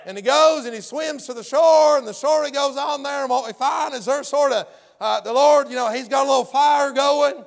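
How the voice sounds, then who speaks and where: A man's voice: very high voice, normal speed, gravelly. A man preaching a folksy sermon, often hollering and acting out the story's characters.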